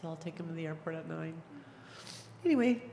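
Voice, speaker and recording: Woman with a gravelly voice, emotional and halting, congregation share in an echoing hall with faint noise. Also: low-pitched, animated, mellow. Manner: emotional, hesitant, many fillers. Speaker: congregation member sharing. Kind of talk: casual personal sharing. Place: church hall. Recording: long hall reverb with faint background noise.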